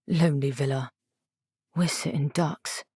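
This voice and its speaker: A blunt, gruff husband with a northern English accent, protective and quick to mutter his annoyance. A woman does his voice while reading a story aloud, low-pitched in a dry, close recording. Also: a little mellow, no room sound.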